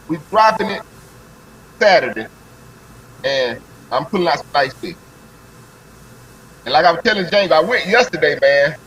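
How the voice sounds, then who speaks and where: Excitable high-voiced man telling a story. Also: slight background noise, rough recording. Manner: excitable storyteller, heavy slang. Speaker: guest on a live stream. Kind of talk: animated fishing story, casual chat.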